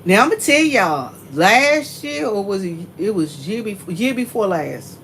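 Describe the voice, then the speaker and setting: A woman with a Southern US accent, chatting to her viewers in an animated, storytelling way and laughing often. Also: mid-range voice, measured pace, a little hiss or hum, rough recording. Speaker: vlogger.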